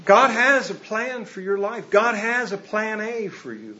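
A man's voice: high voice, animated, measured pace, sharp tone, highs cut off. Chatty, chuckling male preacher. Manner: conversational and humorous, with chuckles and acted asides. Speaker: pastor. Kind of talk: sermon.

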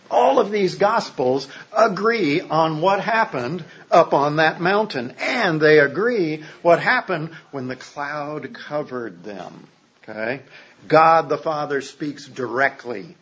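A man's voice: a little high, expressive, a little slow, fairly bright tone, slightly rough, highs cut off. A man preaching a sermon as a pastor in a casual, joking, conversational way, often checking in with his listeners.

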